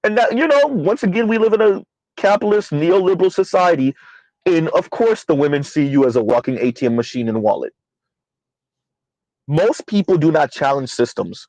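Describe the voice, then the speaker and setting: Animated and at normal speed, a commentary channel host with a fairly high, slightly mellow voice rambles through his stream with fillers. He addresses his chat and calls himself by name in the third person. The audio is poor but has no echo.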